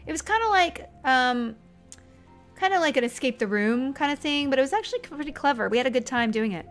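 Chatty, excitable woman streaming a game. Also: high-pitched, brisk, soft background music. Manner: excitable, easily startled, apologetic. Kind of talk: casual gameplay chat.

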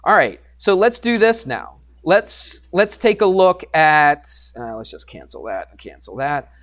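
A man teaching algebra to a class, animated and teasing, coaxing students with questions. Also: fairly high pitch, measured pace. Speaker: high school math teacher. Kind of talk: classroom lecture.

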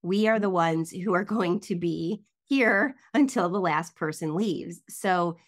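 Woman, podcast host, casual chat, emphatic, lower pitch. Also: unhurried. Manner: earnest, emphatic, some ums.

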